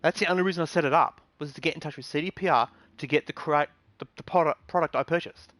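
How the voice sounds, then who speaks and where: Speaking fast in a fairly high, fairly bright voice, this man runs a casual gaming vlog and goes off on a rambling, aggrieved rant. He keeps saying "um" and starting over, and there's no echo on the audio.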